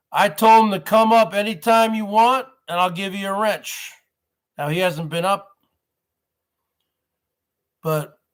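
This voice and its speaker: Male livestream host, high voice, slow delivery, repetitive rhetorical questions. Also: clear, resonant tone. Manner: addresses audience as folks. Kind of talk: rambling live-stream monologue.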